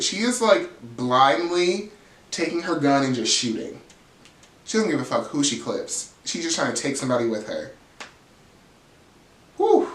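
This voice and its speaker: Animated gossipy man in an echoey room. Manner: animated storytelling, jumps into high voices quoting the cast, laughs often; swears freely. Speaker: reality TV recap host. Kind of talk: casual gossipy recap.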